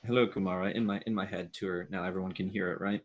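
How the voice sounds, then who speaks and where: A man playing in a tabletop game, announcing his character's actions slowly and deliberately. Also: deep voice, fairly even intonation, highs cut off, a little hiss or hum. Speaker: player. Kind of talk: tabletop role-play chat.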